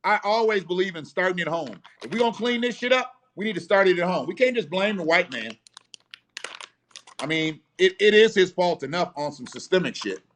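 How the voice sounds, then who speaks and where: A man's voice: high voice, expressive, brisk, fairly bright tone, slight background noise. Blunt, profane man ranting on a live stream. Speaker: host of a live show.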